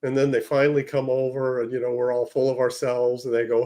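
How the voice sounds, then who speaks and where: Mid-pitch guy cohosting, dry jokey storyteller, just hanging out talking comics. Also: little pitch movement, fast, warm tone. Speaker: comic artist podcast co-host. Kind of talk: casual chat.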